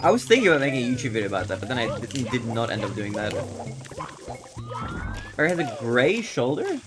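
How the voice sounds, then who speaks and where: A man's voice: mid-range voice, sing-song, fairly quick. A young man chatting casually on a live stream, rambling and often laughing as he talks. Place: his bedroom, on camera. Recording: game music playing behind.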